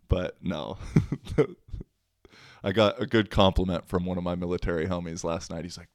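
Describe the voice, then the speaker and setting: A man's voice: deep voice, steady tone, normal speed, a little mellow, no room sound, studio quality. A young man hosting a solo podcast, chatting casually in a slangy, rambling, self-mocking way. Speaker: podcast host.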